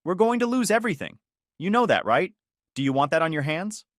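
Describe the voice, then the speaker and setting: A man doing a desperate younger sister, half shouting, half begging for help with her debts. Her voice swings widely in pitch. The sound is dry and close. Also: expressive, a little fast, dry recording, lightly acted. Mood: pleading. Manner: pleading, accusing, raised voice. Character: desperate angry adult sister, self-pitying.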